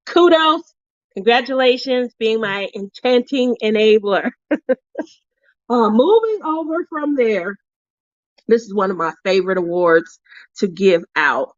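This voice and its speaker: A woman's voice: medium pitch, no room sound, dull audio. A woman vlogger telling a craft retreat story in a casual way, laughing often between sentences. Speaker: crafting vlogger giving awards.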